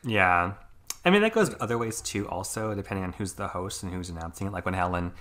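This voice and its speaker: A man's voice: sits low, lively intonation, fairly quick, a bit bright. A young man hosting a podcast, talking things over casually with many fillers and hedges. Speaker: podcast host. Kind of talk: casual conversation.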